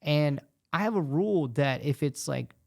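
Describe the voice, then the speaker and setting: A comedian guest chatting casually, animated and quick with his asides. His man's voice sits fairly high and has a gravelly edge. He spins stories as he talks. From United States. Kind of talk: casual podcast conversation.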